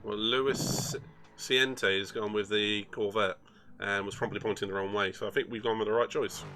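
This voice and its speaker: A man's voice: lowish voice, fairly even intonation, normal speed, sharp tone, slight background noise. A man joking dryly in casual chat while racing on stream.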